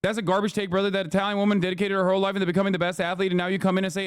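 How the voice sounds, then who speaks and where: A man hosting a live stream, giving heated, profane commentary with loud, mocking outbursts. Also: sits high, little pitch movement, smooth, no echo, clean studio sound. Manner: quick, sharp bursts into loud outbursts. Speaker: streamer host.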